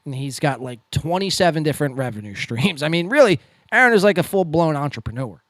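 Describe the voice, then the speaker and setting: Lively, mocking male podcast host. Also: fairly high pitch, quick pace, dry recording. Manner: sarcastic, mocking, lively delivery; stumbles and restarts often. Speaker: podcast host reacting to clips. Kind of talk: casual profane commentary.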